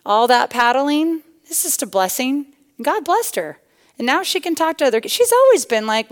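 A middle-aged woman giving a personal testimony sermon to a women's church gathering, animated and punchy, swinging between loud bursts and hushed asides. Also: high voice, normal speed. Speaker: guest speaker at a women's church tea.

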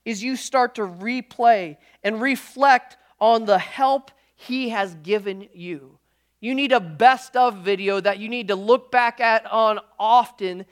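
A male pastor delivering a sermon in a conversational style, full of quick restarts and jokey asides to his congregation. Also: very high voice. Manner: lively conversational preaching with frequent restarts.

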